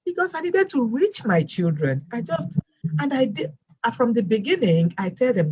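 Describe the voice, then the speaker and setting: A woman with a non-American English accent, telling her story as a guest teacher in a lively storytelling way. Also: a little high, moderate pace, muffled recording, a little hiss or hum. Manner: animated storyteller, acts out quoted voices. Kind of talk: storytelling interview chat.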